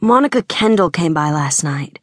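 A woman's voice: sits low, expressive, normal speed, no room sound, clean studio sound. A woman voicing an indignant laid-back young man. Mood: defensive. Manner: defensive, indignant. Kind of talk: audiobook character voice.

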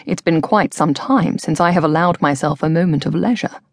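A woman voicing a polite, wealthy British gentleman with a formal, dry-humored manner. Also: deep voice, normal speed, creaky, no echo. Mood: courteous.

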